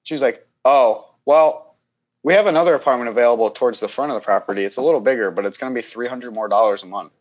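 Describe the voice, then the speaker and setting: A man's voice: mid-range voice, quick pace, highs cut off. A young man in casual chat, telling a long story in a rambling way, acting out the people he quotes and laughing often.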